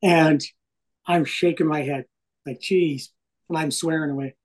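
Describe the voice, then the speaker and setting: A middle-aged man, a hockey broadcaster and interview guest, telling stories in a casual, animated way and swearing freely. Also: a little high, moderate pace, low-quality recording.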